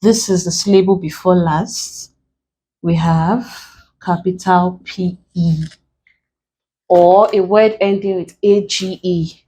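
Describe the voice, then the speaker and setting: A woman's voice: on the low side, fairly even intonation, takes it slowly, long pauses, dark tone, slightly rough, poor audio. A woman from Nigeria teaching an exam-prep English lesson, spelling out letters one by one and explaining each step. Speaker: English tutor.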